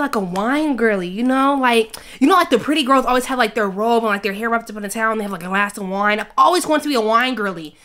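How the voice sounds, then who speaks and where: A woman in her twenties reading out a quiz in a casual, playful chat full of slang and quick asides. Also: medium pitch, fairly bright tone. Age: 20s. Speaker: YouTuber.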